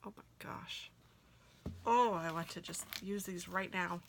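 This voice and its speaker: A woman gushing excitedly as she unboxes planner stickers for her viewers, often dropping into soft whispers. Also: on the low side, unhurried, vocal fry, slight background noise. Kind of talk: casual unboxing chat.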